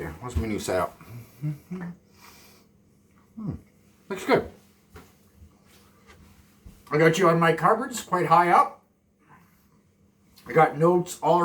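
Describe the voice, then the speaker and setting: A man from Canada, chatting calmly and softly to the camera while cooking in his home kitchen, rambling off into asides. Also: on the high side. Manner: deliberately soft and calm, rambling asides. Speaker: cooking vlogger. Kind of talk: casual cooking chat to camera. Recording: echoey kitchen, mic from far off.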